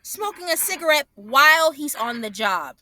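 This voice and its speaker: Indignant high bright-voiced woman. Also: very animated, normal speed. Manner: indignant, profane, repeats phrases. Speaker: vlogger. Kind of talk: angry commentary over clips.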